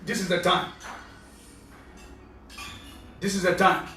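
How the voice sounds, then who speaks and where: A man with a Nigerian accent preaching a fervent sermon, often shouting as he preaches. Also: high-pitched, completely flat delivery, slow. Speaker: prophet preacher. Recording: very echoey, from far off.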